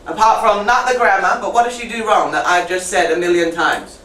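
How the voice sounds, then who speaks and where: A woman teacher trainer running a lively classroom demonstration, repeating and correcting students as she goes. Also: mid-range voice, a little fast. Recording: echoey classroom from far off with faint noise.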